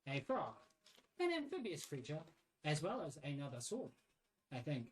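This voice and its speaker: Lively, low-pitched New Zealand woman. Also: normal speed. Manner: lively, playful. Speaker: player. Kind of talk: playing a tabletop game.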